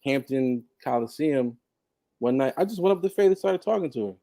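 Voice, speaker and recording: A man telling a personal story on a podcast in a casual, animated way, laughing often and mimicking others. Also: mid-range voice, moderate pace, creaky, no room sound. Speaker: podcast guest.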